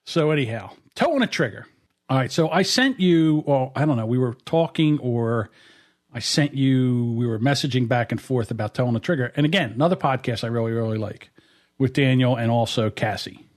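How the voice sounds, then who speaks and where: A man hosting a casual podcast, talking into a studio mic in a voice of ordinary middle pitch. He tells stories in a blunt, rambling way. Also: lively intonation, brisk. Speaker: podcast host. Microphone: dynamic studio mic.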